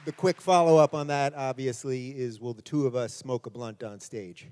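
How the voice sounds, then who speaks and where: A man's voice: mid-range voice, fairly even intonation, moderate pace, darkish tone, clean tone. A man moderating a live question session, reading audience questions in a playful way. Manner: playful, laughs at answers.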